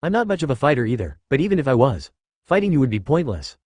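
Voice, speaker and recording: A man reading the lines of a gentle young male alien who guards a planet, in an earnest, defiant way. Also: medium pitch, sing-song, quick pace, dry recording, studio quality.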